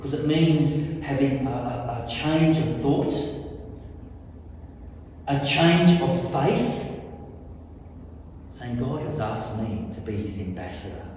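A man preaching a charismatic sermon, fervent, swinging from soft asides to loud commanding shouts. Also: medium pitch, lively intonation, slow pace, long pauses, slight background noise. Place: large hall with long echo. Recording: echoey hall from far off, faint ambience.

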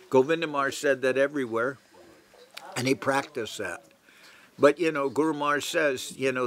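A man's voice: medium pitch, vocal fry, fairly bright tone. A man giving a devotional class in a private home, talking in a loose conversational way with many "you know" fillers and restarts. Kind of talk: devotional lecture.

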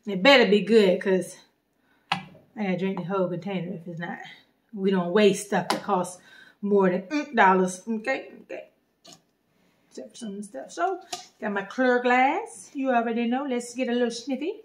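A woman vlogging a casual drink review, playful and slangy with sudden animated bursts. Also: medium pitch, moderate pace, slight background noise. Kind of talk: casual chat.

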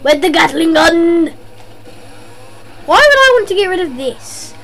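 A woman's voice: very high-pitched, big pitch swings, a little slow, background noise. A woman with a worn-out voice, casually commenting on a game she is playing, joking and yelping when startled. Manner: jokey, yelps and shouts at scares. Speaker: gameplay commentator. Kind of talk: casual let's-play commentary.

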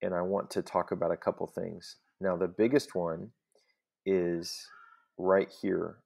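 A man's voice: low-pitched, level tone, unhurried, gravelly, a little mellow. A man teaching a recorded Latin lesson, explaining step by step in a patient voice and often checking in with "okay?".

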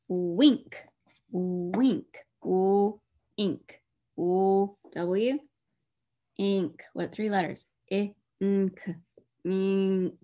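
A woman leads a phonics lesson for young children, speaking at a very slow, deliberate pace. She sounds out each letter patiently, often in a soft whisper, before saying the whole word. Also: mid-range voice. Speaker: teacher.

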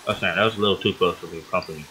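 A man hosting a gaming channel talks through his playthrough in a casual, rambling way, quick to yelp or laugh. His voice sits a bit on the low side for a man. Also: soft background music, rough recording. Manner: excitable and rambling, yelps and laughs often. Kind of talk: casual let's-play commentary.

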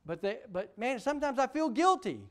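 A man preaching a sermon as pastor, emphatic, asking the congregation questions, swinging from loud peaks to quiet drops. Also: extremely high pitch, very animated, a little fast. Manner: asks the congregation rhetorical questions.

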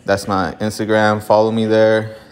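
Breathless, laid-back low-voiced man. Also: completely flat delivery, moderate pace. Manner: laid-back, profane, rambling with fillers. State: out of breath from exercise. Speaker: vlogger opening card packs. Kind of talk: casual vlog talk to camera. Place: home garage gym.

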